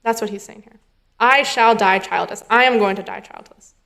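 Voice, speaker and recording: A woman's voice: mid-range voice, normal speed, creaky, a bit bright. A woman, a rabbinic intern, giving a sermon in a casual, thinking-aloud way, acting out the dialogue she quotes. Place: synagogue sanctuary.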